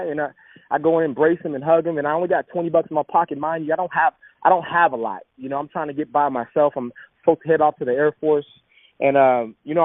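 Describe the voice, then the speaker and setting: A man's voice: on the high side, fairly even intonation, a little fast, no room sound, narrow, tinny audio. Earnest man telling his story, thin sound. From Southern California. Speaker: speaker. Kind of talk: personal testimony talk.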